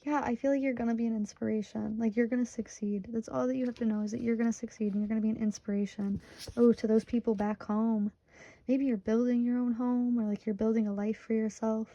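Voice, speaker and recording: Talking fast in a fairly high, level, warm voice, a Michigan woman in her twenties reads tarot casually while on the verge of tears. She's chatty and emotional, saying "like" a lot, and the lo-fi recording has no room sound.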